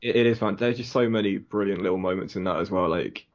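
A man's voice: low voice, fast talker. A man chatting as a podcast guest, full of laughter and self-deprecating banter. His voice comes through a dull, muffled lo-fi recording. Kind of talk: casual chat. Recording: dull lo-fi sound.

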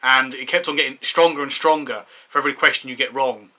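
A man's voice: mid-range voice, steady tone, quick pace, bright, forceful tone. A man telling a rambling story in a casual discussion, laughing as he goes. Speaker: discussion participant.

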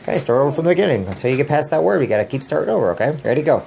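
A man's voice: medium pitch, very animated, racing, gravelly, background noise. A man, the father, patiently coaching his young daughter through reading words at home, sounding out letters and encouraging her again and again. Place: family home.

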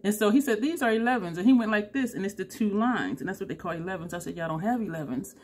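A woman's voice: mid-range voice, animated, fast talker, darkish tone, slight background noise. A tired woman, telling a story to camera in a chatty way, laughing often and acting out both sides of the conversation. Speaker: beauty vlogger.

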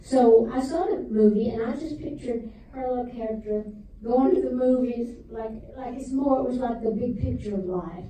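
A woman's voice: fairly high pitch, normal speed, warm tone, a little hiss or hum. An older woman with a Southern US accent, talking in a chatty, folksy way as a guest at a Q&A, heard from a distance in an echoey theater. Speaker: guest singer-songwriter. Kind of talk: casual Q&A talk. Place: theater stage. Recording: echoey theater from far off with audience.

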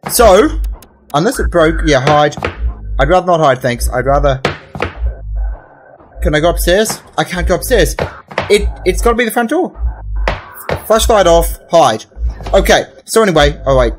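A man's voice: a little high, expressive, normal speed, long pauses, over music. A young man casually commenting on a horror game, rambling and joking as he tells a made-up story. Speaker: gamer. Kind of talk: casual let's play commentary.

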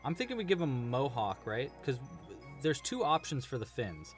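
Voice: medium pitch, very animated, moderate pace, faint music behind. A crochet teacher hosting a casual live crochet-along, chatty and enthusiastic, rambling a bit with restarts. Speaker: crochet teacher and livestream host.

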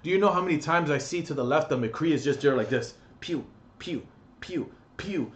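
Speaking fast in a slightly high voice, a young man delivers a brash, crude bedroom rant for his comedic gaming vlog, mocking and cursing constantly.

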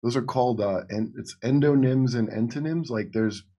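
A man's voice: medium pitch, normal speed, warm tone. A man co-hosting a political talk show who laughs a lot and chats casually. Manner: laughs often, chatty asides. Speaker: co-host. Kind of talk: casual chat.

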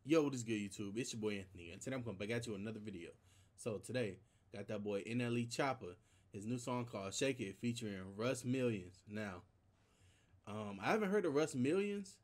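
A man's voice: lowish voice, expressive, brisk. Chatty young man hosting a reaction. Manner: loose and chatty, tosses in 'man' and 'bruh'. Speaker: YouTube reaction host. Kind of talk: casual reaction commentary.

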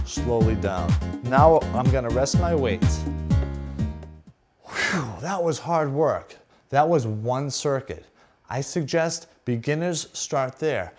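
A man leading a workout as a fitness instructor, counting reps and urging the viewer on while breathing heavily. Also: mid-range voice. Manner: encouraging, coaching and counting reps. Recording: music behind the voice.

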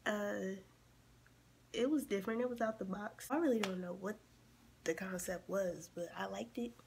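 A woman in her early twenties from Maryland, chatting casually while reacting to a music video, her voice a bit rough from being sick, sometimes dropping to a near whisper. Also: medium pitch, moderate pace, darkish tone, a little hiss or hum. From Maryland, USA. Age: early 20s.

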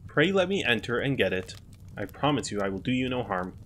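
A man's voice: mid-range voice, very animated, a little fast, a bit bright, a little hiss or hum. A man voicing a scheming robber chieftain who pleads through a keyhole in a storybook reading.

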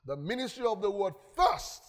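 A man's voice: high-pitched, wildly swooping pitch, moderate pace. A man, a pastor preaching a sermon, emphatic and often putting questions to the congregation. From Nigeria. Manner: emphatic, asks the congregation questions, acts out stories. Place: church hall. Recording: long church hall reverb.

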